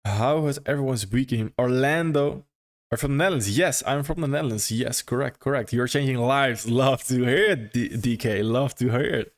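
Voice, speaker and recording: A man's voice: medium pitch, normal speed. A young man hosting a trading livestream, chatting casually and greeting viewers by name, repeating phrases in an upbeat way, close to the mic. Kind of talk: casual livestream chat reading viewer comments.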